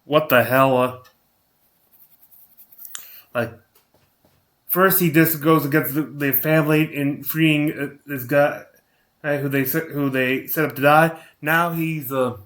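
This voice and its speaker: A man recapping a tabletop game in casual commentary, talking in a halting way with frequent restarts. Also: fairly high pitch, steady tone, fairly bright tone. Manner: halting, many restarts and fillers. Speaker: recap host.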